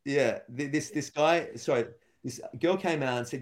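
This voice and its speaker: A man's voice: fairly high pitch, normal speed. Man telling rambling stage stories. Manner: rambling storyteller, acts out quotes. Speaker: stand-up comedian. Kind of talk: casual podcast chat.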